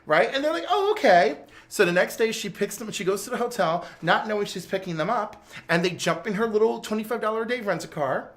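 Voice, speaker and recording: A man's voice: high-pitched, fast talker, hardly any pauses. A man co-hosting a casual chat in a game store. He tells stories animatedly and rambles, filling his talk with "like". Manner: animated storyteller, full of "like". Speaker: co-host.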